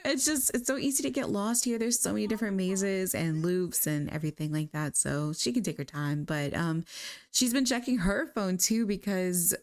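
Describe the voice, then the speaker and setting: A woman narrating a story as she plays a life-sim game, in a chatty, animated way with frequent fillers. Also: on the low side, moderate pace. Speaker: gaming creator.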